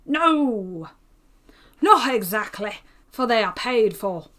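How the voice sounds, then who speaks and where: A woman's voice: fairly high pitch, lively intonation, takes it slowly, pushed and bright, heavily acted. A woman doing a pompous chatty tailor. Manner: chatty, self-important, exclaiming. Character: pompous gossiping male tailor.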